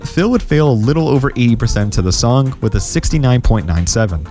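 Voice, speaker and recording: A man narrating a scripted gaming history video in a steady, explanatory way. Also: medium pitch, brisk, faint music behind.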